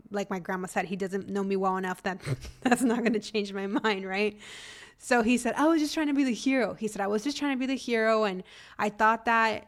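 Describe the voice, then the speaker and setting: Podcast host, young adult woman, smooth clear voice, chatty storytelling, acts out relatives' lines. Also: mid-range voice. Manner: animated, acts out family members' lines. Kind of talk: casual storytelling monologue.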